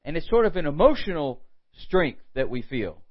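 A man preaching a morning sermon, animated, with quoted asides and frequent rhetorical questions. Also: a little high, normal speed, dull audio. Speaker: pastor.

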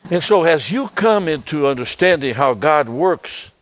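Older man preaching, halting and soft. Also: on the high side, lively intonation. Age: 70s. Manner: halting, repeats words, drops to soft tones. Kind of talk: sermon.

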